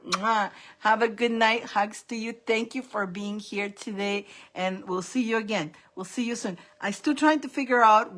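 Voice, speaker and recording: A woman's voice: mid-range voice, fairly bright tone. A middle-aged woman hosting a casual live stream of psychic readings, rambling and laughing often. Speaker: psychic reader and live host.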